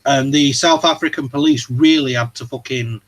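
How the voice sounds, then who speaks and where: A man's voice: mid-range voice, steady tone, normal speed, a bit bright, poor audio. A man hosting a casual livestream chat, talking in a rambling, hesitant way with lots of fillers and swearing. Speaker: livestream host.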